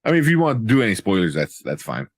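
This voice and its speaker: A joking man in a casual live movie review chat, his mid-pitched voice bouncing through quick opinions. The sound is dry and close. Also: wildly swooping pitch, no room sound. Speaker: podcast co-host.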